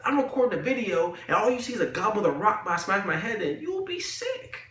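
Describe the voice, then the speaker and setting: Young male anime reviewer; bright, forceful tone; rambling slangy chat; echoey room. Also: sits high, lively intonation, quick pace. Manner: rambling, slangy, filler-heavy. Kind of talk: casual chat. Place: room, recording a video.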